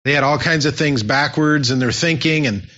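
Emphatic pastor with a bright voice. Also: male voice, on the high side, normal speed. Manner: emphatic, repeating key phrases. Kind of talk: sermon. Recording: dull lo-fi sound.

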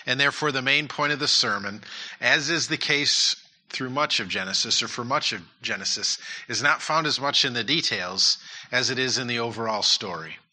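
Male pastor, sermon delivery, earnest, repeats points, very bright tone, mid pitch. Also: normal speed. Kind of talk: sermon and prayer.

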